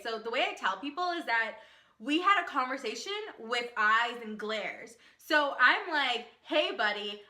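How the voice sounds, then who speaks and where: A young woman telling an excited storytime to her vlog viewers, talking fast with lots of "like" and acted-out quotes. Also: on the high side. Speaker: vlogger. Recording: echoey room.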